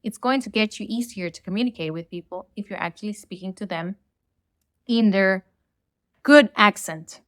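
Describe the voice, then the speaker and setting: A woman's voice: medium pitch, moderate pace, no echo. Blunt Latina woman ranting, dry sound. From Latin America. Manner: blunt, opinionated ranting with casual swearing. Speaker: podcast host. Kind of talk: solo rant podcast.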